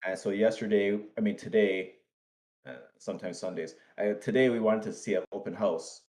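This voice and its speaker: Lower-voiced man telling a story with a laugh. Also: normal speed. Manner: animated storytelling, laughing, self-mocking. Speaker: co-host. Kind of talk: casual podcast chat.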